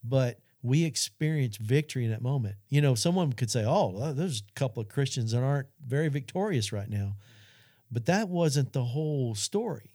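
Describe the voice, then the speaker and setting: A man's voice: medium pitch, animated, normal speed, dark tone, dry recording, clean studio sound. A middle-aged man telling an earnest personal testimony on a Christian talk show, speaking straight to the audience. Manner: earnest storytelling, addresses audience.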